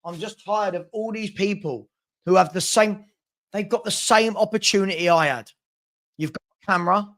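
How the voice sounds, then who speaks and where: A man with a fairly high-pitched voice who sounds frustrated and agitated. He stammers, restarts his sentences, and repeats the same lines over and over as he vents on his own chat show. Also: moderate pace, a bit bright. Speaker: fan channel host. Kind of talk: heated live chat.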